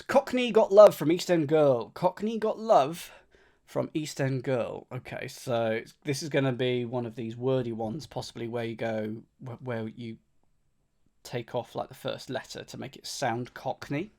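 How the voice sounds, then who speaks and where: Gravelly man musing over crossword clues. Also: medium pitch, a little slow, darkish tone. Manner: muses half to himself, repeats clues under his breath, thanks chat by name. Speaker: streamer solving a crossword. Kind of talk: casual thinking aloud while solving.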